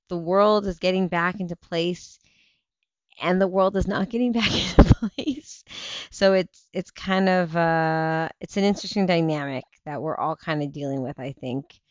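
Woman, 30s, livestream talk host, low voice, tired rambling chat, dull lo-fi audio. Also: clean tone, dry recording. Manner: chatty, rambling, tired with yawns.

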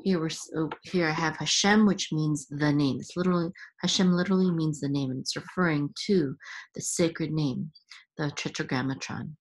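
A woman's voice: sits low, normal speed, a little hiss or hum. A woman hosting a reading lesson, patiently sounding out letters and syllables one at a time. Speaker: Hebrew reading teacher and podcast host.

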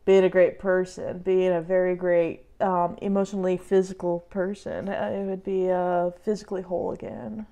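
A woman's voice: on the low side, level tone, moderate pace, hardly any pauses, warm tone. A young woman doing a casual tarot reading for herself on camera, talking emotionally and sighing and laughing through tears. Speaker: tarot reader and vlogger. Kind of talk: casual self-reading vlog.

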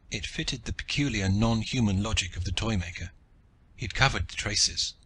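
A man reading an audiobook in the first person with a steady, dramatic delivery. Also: on the low side, moderate pace, a little hiss or hum. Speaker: audiobook narrator.

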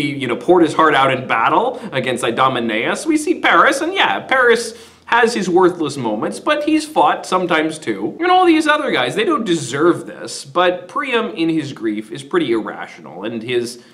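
A man's voice: medium pitch, a bit bright. A man teaching literature who summarizes the story in a casual, conversational way.

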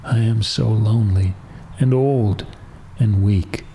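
A man voicing a lonely, weary old cobbler who talks slowly. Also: on the low side, gravelly, mellow, a little hiss or hum.

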